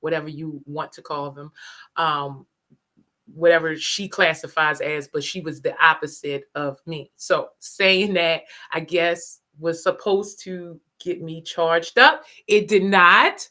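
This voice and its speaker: Bright-voiced woman telling a lively story. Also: deep voice, takes it slowly. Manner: animated, laughs often while telling a story. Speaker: host. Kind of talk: casual storytelling.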